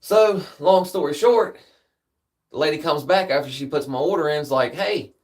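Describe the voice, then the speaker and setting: A man's voice: a little high, normal speed, darkish tone. A man hosting a livestream, telling a long story casually, rambling and swearing, with "man" at the end of many sentences. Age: adult with a daughter. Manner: rambling, profane, peppers speech with "man". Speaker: livestream host.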